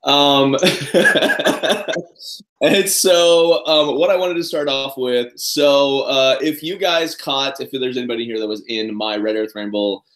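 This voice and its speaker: A man co-hosting a casual podcast, talking in a playful, expressive way. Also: medium pitch, a little slow. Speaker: podcast co-host. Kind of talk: casual chat. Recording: roomy echo.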